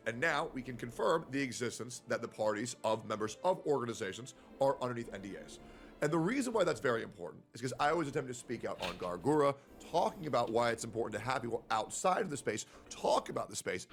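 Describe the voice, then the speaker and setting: A man's voice: medium pitch, creaky. A man giving an emphatic, lecturing commentary and repeating his points for stress. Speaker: streamer commentator. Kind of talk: monologue commentary.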